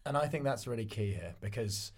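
A man co-hosting a casual pitch show, joking and reading notes aloud. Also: lively intonation, fairly quick, husky. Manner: jokey, reads notes aloud, laughs often. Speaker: co-host. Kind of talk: casual panel chat.

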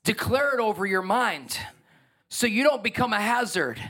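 A middle-aged man preaching a sermon as pastor, conversational and emphatic, swinging from soft to loud. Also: high-pitched, animated, normal speed.

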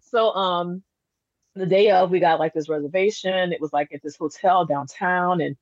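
A woman who runs a candle business, a guest on a casual podcast, telling her story in an animated, chatty way with many fillers. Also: lowish voice, moderate pace, no echo. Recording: dull lo-fi dry sound.

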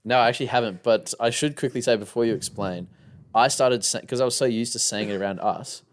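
A young man, a guest in a casual podcast chat, easygoing and quick to agree with the others. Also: medium pitch.

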